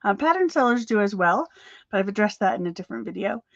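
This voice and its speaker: A woman's voice: medium pitch, animated, quick pace, gravelly, no room sound, dull audio. Chatty, upbeat woman coach, dry close sound. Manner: chatty, upbeat, with laughs and fillers. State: slightly out of breath. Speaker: crochet business coach. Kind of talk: live-streamed chat.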